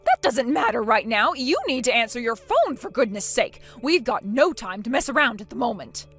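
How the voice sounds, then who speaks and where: A scornful older mother-in-law gives orders in a high, lively voice, voiced by a woman. She sounds bossy and demanding. Soft music plays behind her. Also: normal speed. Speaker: story character.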